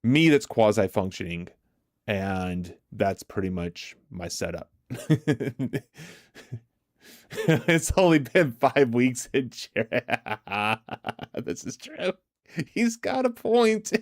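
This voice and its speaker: A man's voice: on the low side, animated, drawn-out words, no room sound, studio quality. A man hosting a livestream, chatting casually with viewers, answering their comments aloud and laughing often. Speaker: livestream host. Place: home streaming setup.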